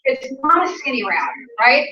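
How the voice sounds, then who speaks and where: A woman's voice: high voice, sing-song, moderate pace, sharp tone. A chatty Southern US woman with a Southern accent, coaching a small group in a casual training talk and laughing often. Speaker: sales trainer. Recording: roomy, distant, dull.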